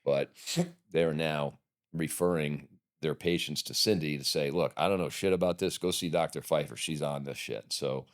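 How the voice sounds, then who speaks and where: A man's voice: extremely low pitch, steady tone, normal speed. A middle-aged man and podcast guest, telling rambling, profane anecdotes in a casual interview.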